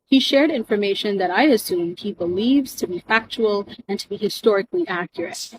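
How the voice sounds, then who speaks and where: A woman from the Caribbean, a content creator speaking to camera in an earnest, measured way. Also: medium pitch, animated, background noise. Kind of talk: earnest direct-to-camera commentary.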